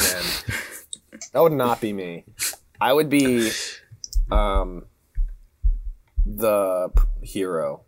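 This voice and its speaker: A man's voice: fairly low pitch, drawn-out words, long pauses. A young man in casual chat, playfully pompous and cursing at his own slips while spinning a comic story.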